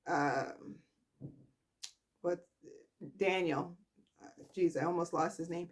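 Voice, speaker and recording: Lady doing a laid-back soap recap at home, slow and chatty, jumps up high for the characters' lines. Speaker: soap opera recap host.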